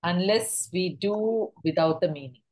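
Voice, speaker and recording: A woman with a somewhat low voice, speaking softly and eagerly to her teacher in an online class. The talk is casual, over a video call. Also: measured pace. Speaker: class participant.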